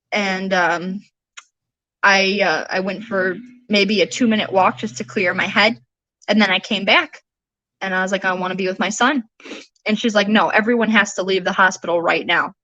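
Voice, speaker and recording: A woman's voice: medium pitch, pushed and bright, no room sound, dull audio. A young woman, a bereaved mother, recounting events earnestly and quoting the people involved. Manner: earnest, retelling events with quoted dialogue. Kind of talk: personal testimony in a podcast conversation.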